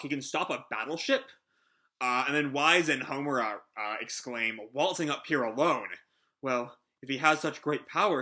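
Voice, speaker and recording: A man's voice: medium pitch, bright, forceful tone. A young man hosting a casual live manga reaction, chatty and full of fillers, reading the characters' lines aloud. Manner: chatty, many fillers, reads dialogue with small voice shifts. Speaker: manga reaction channel host.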